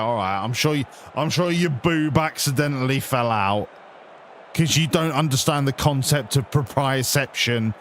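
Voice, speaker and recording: A man's voice: medium pitch, a little hiss or hum. An English man hosting a stream, chatting in a sarcastic, sweary, ranting way. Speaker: stream host. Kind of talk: casual chat.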